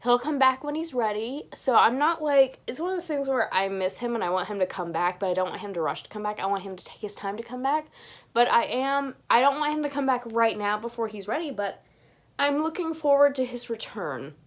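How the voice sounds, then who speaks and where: A woman's voice: a little high, brisk. A young woman answering viewer questions in a casual chat, rambling and gushing, with frequent restarts. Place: home bedroom.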